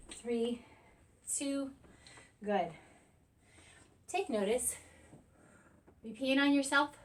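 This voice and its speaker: A woman's voice: a little high, a little hiss or hum. Breathless woman coaching a home workout. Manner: encouraging, counting down reps between breaths. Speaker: fitness instructor. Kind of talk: coaching a workout while exercising. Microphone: camera on a tripod at a distance. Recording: voice from a distance.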